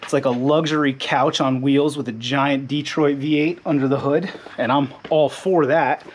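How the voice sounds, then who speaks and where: A man hosting a garage video, explaining a repair in a relaxed, chatty way with joking asides. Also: medium pitch, moderate pace. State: slightly out of breath. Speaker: garage channel host. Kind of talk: casual how-to explainer. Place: home garage.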